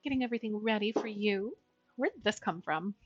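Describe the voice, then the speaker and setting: A woman's voice: fairly quick, husky, no echo, lo-fi sound, faint music behind. A young woman chatting casually through a cooking livestream, talking to her viewers. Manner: chatty, talks to her dog in a high baby voice. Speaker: streamer.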